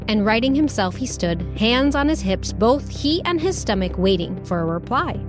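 A woman who hosts a children's podcast, reading a storybook aloud in a playful, unhurried way. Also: fairly high pitch, lively intonation, over music.

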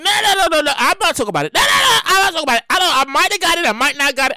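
A woman's voice: high voice, huge pitch swings, rapid-fire, hardly any pauses, bright, forceful tone, no echo, clean studio sound. A woman hosting a podcast in casual comedic commentary, exclaiming and repeating herself. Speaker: podcast host.

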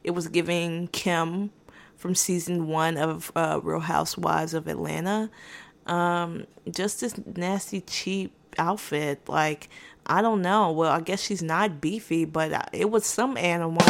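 A woman with a slightly low-pitched voice tells a casual story time as a podcast host. Her delivery is dry and sarcastic, full of restarts and asides, and she sounds unbothered throughout. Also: steady tone, measured pace, gravelly.

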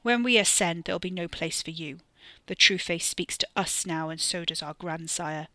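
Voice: medium pitch, normal speed, bright, forceful tone, no echo, natural voice. A narrator voicing a brutal cult foreman. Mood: zealous. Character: menacing cult foreman, grown man, brutal. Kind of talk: audiobook character reading.

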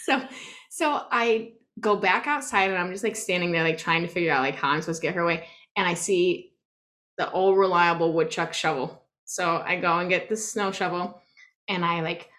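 A woman co-hosting a podcast, telling a story in a casual, animated way, full of "like" and acting out what she said. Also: lowish voice. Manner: animated, peppered with "like", acts out her own quotes. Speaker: podcast co-host.

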